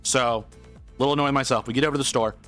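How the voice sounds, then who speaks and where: Rambling man with a bright voice. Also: medium pitch, fast talker, soft background music. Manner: rambling, animated retelling with quoted voices. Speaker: streamer. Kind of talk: casual storytelling to stream chat.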